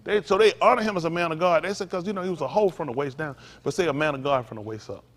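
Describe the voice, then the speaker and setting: In a synagogue sanctuary with a long, reverberant hall sound, a pastor delivers a rapid-fire conversational sermon in a voice that's a little high. He frequently turns to the room with asides.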